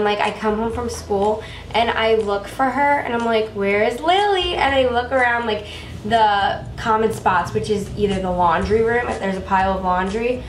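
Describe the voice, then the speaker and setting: A woman's voice: mid-range voice, echoey room, distant mic, a little hiss or hum. A young woman vlogger chatting in a gushing, rambling way about her pet, with many fillers, recorded on a camera at home.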